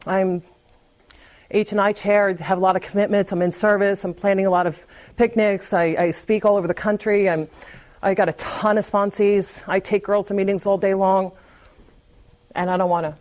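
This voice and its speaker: A woman's voice: mid-range voice, fairly even intonation, moderate pace, darkish tone, low-quality recording. A woman speaks frankly at a recovery meeting in a loose, conversational way. She restarts her sentences and repeats words as she goes. Light laughs come between her thoughts. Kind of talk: personal recovery talk at a meeting.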